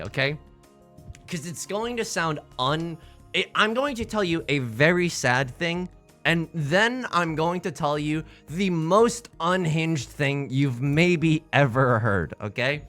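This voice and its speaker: A young man chatting casually on a live stream while gaming, animated and rambling, swinging between mumbles and loud squeals. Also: mid-range voice.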